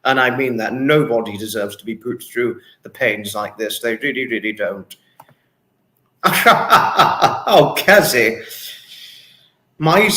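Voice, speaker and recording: A man from England chats on his livestream, reading comments aloud and greeting viewers one by one with gushing warmth. His voice sits a little high, and he swears without much care. The room is echoey and roomy. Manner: effusive, greets viewers warmly by name, swears freely. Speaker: livestream host.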